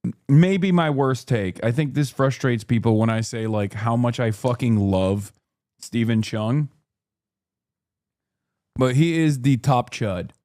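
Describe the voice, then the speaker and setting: A man hosting a live stream, reacting in casual, animated commentary with swearing and quick jokey asides. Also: medium pitch, no room sound, studio quality. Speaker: streamer host.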